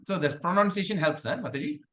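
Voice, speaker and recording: A man's voice: high voice, big pitch swings, fairly bright tone. Chatty man teaching a devotional class. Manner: sings verses slowly in a chant; chatty, asks the class questions. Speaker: spiritual teacher.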